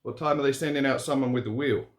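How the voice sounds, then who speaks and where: A man's voice: mid-range voice, fast talker, natural voice. Man playing grave, stubborn old trucker. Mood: gruff. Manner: gruff, grave, insistent. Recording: roomy echo.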